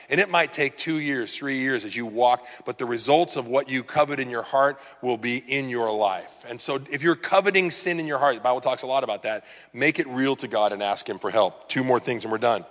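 A man's voice: a little high, lively intonation, moderate pace, pushed and bright, long reverb tail. A man preaching a sermon in a conversational, earnest way, often acting out the words of the people he talks about. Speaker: pastor.

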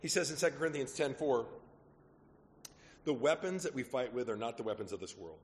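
Pastor preaching in an echoey hall. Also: male voice, mid-range voice, brisk. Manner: animated, conversational, trailing off quietly at asides. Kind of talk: sermon storytelling. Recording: echoey hall with long reverb.

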